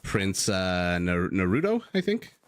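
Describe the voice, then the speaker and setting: A man's voice: low voice, wildly swooping pitch, a little slow, no room sound. A man casting a strategy game live, chatting casually with viewers and telling stories as he goes. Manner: chatty, easygoing, swears casually, tells stories.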